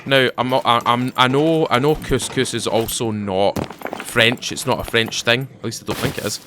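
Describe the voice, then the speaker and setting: A man's voice: mid-range voice, normal speed, background noise. A young man playing a survival game, telling a long rambling story and often breaking off to comment. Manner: chatty, digressive, self-interrupting, animated. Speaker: gaming YouTuber. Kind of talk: rambling let's-play storytelling.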